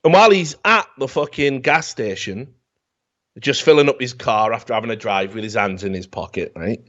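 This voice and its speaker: A man on a podcast, rambling through a profane, mocking comic rant about a film. His voice sits at an ordinary middle pitch, and the recording sounds dull and slightly lo-fi. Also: animated, normal speed, fairly bright tone. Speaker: podcast host.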